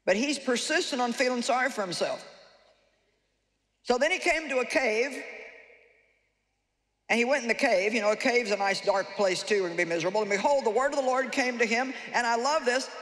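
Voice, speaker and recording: A woman's voice: fairly high pitch, fairly quick, long pauses. Humorous woman preaching in an echoey hall. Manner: lively, humorous, acts out the people she describes. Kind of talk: sermon. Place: large hall with a live audience. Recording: echoey hall, faint ambience.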